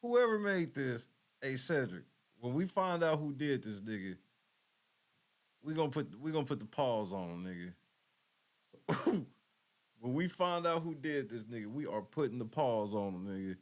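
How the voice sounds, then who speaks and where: A man's voice: medium pitch, animated, moderate pace, pauses often. A man hosting a show, reacting to video clips in casual, profane commentary and laughing often. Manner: profane, laughing, talking back to the clip.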